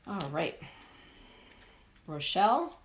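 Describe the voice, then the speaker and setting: Lowish-voiced woman giving affirming card readings. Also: sing-song, takes it slowly, slight background noise. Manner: affirming, greets viewers by name, laughs often. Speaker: spiritual show host giving card readings. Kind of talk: live-stream card reading chat.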